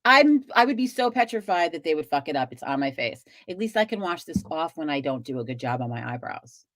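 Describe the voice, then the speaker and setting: Gadatliwa kobieta o niskim głosie. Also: female voice, low-pitched, sing-song, fairly quick, a bit bright, no echo, studio quality. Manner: chatty, swears freely, rambles with restarts. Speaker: live-stream host. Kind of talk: casual chat with viewers.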